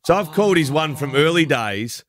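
A man's voice: fairly high pitch, expressive, normal speed, dry recording. A man with an Australian accent, co-hosting breakfast radio and telling a self-mocking story in casual banter. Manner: chatty, self-mocking storyteller who acts out voices in quotes.

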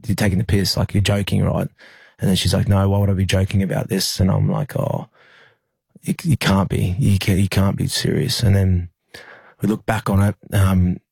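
A young Australian man, a rugby league player, telling a personal story in an interview, halting with many fillers and restarts. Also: sits low, little pitch movement, creaky, a little mellow, breathy edge, no echo.

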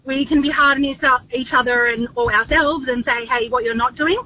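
Bright bubbly woman caller. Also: high voice, steady tone, a little fast, dull audio. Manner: bubbly, boisterous. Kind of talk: casual phone-in chat.

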